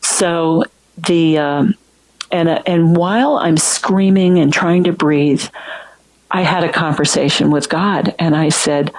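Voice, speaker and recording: Guest, woman with a notably low voice, earnest emotional storyteller, halting delivery. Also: steady tone, low-quality recording. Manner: earnest, halting, recounting with restarts. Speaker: guest sharing a personal story. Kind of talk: emotional first-person storytelling.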